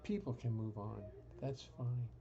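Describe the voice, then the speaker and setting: A man's voice: medium pitch, unhurried, vocal fry, mellow, dull audio, a little hiss or hum. A man hosting a live stream from his home music studio, chatting casually with dry humor and rambling restarts. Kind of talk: casual chat.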